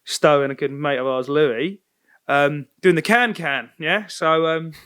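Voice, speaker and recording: A young man, co-hosting a podcast, chatty and slangy with animated storytelling. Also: a little high, measured pace, smooth. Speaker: podcast co-host. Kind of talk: casual chat.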